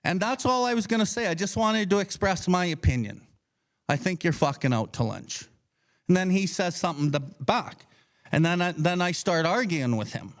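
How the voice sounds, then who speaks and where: A man's voice: high-pitched, lively intonation, brisk. A man co-hosting a recovery book study podcast, talking bluntly with lots of swearing and acting out his own thoughts. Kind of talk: casual teaching talk.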